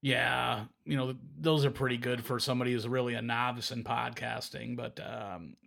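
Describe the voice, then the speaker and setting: A man's voice: medium pitch, steady tone, moderate pace, vocal fry, fairly bright tone. A man imitating a patronizing young male salesman, talking in a condescending, smug way.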